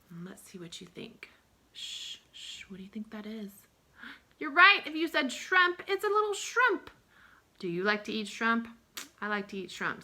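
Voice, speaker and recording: Woman, young-adult teacher of early learners; bright tone, sing-song delivery with drawn-out sounds. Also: mid-range voice. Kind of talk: early-years lesson.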